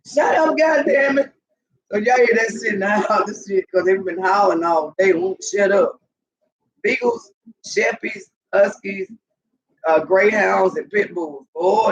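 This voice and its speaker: A woman telling animated, profane stories casually to her viewers, laughing often. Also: medium pitch, measured pace, muffled recording. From Southern US. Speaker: vlogger. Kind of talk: casual storytelling to camera.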